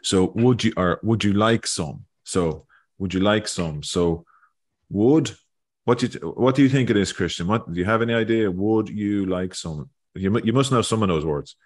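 Deep-voiced man rambling through a lesson. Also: normal speed. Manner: rambling, thinking aloud, repeating words. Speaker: Irish learning video host. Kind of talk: casual online lesson. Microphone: video call.

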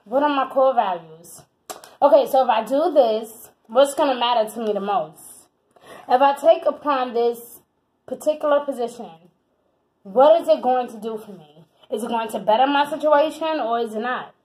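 A woman giving a casual tarot reading, animated and chatty, who swears freely and calls the listener honey and baby. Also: fairly high pitch, normal speed, rough recording. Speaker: tarot reader.

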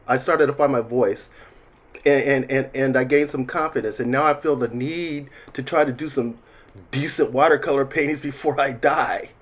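A man's voice: mid-range voice, steady tone, normal speed. A man, chatting in a casual, self-mocking way while he talks through a watercolor painting tutorial. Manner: chatty and self-mocking, jokes, says y'all. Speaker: watercolor artist teaching.

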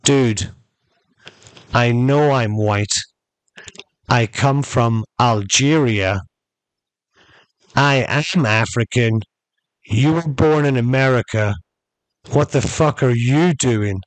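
A man voicing a composed young man who answers a heckler firmly and loudly enough for all to hear. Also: mid-range voice, slow pace, pauses often, no room sound, close to an everyday voice. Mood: defiant. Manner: firm, calm, defiant.

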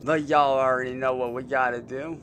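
A young man chatting casually while streaming a car game, loose and swearing, mocking trolls and getting excited over cars. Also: medium pitch, a little fast, slight background noise.

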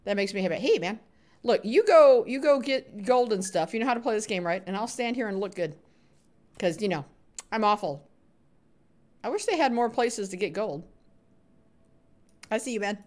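Excitable woman streaming a game. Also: medium pitch, moderate pace, long pauses. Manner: excitable, laughs often, calls viewers sweetheart and buddy. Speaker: gaming livestreamer. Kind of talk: live game commentary and chat.

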